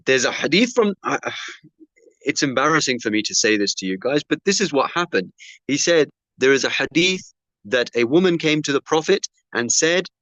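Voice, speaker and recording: A male preacher telling a personal story in a sermon, acting out the dialogue with lively shifts of voice. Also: fairly high pitch, dry recording, dull audio. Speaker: Muslim preacher.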